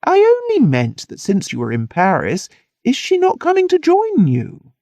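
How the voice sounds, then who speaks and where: A male reader raises his voice into a flustered woman dodging questions. She speaks high and hurried, with a dark, gravelly undertone beneath it. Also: huge pitch swings, no room sound, full character voice. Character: fretful middle-aged woman, evasive and flustered.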